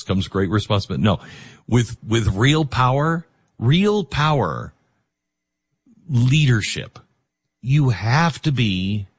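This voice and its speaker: A man's voice: fairly low pitch, slightly rough, dry recording, clean studio sound. A man hosting a talk radio show, speaking in an emotional, emphatic way.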